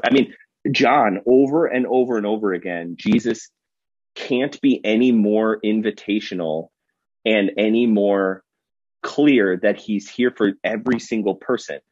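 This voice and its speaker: Husky-voiced animated male pastor. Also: on the low side, measured pace, dry recording, muffled recording. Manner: animated, storytelling, acts out quotes. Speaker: guest pastor. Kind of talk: casual podcast discussion.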